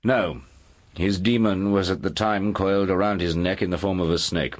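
An actor playing a calm, authoritative aristocratic explorer lecturing scholars in an audiobook. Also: male voice, low voice, moderate pace, natural voice. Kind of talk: audiobook dialogue.

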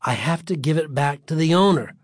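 A man's voice: a little high, animated, fairly quick, no echo, clean studio sound. A man voicing a worried young boy who pleads anxiously, in a storybook reading. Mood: pleading. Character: worried boy hero, pleading but stubborn.

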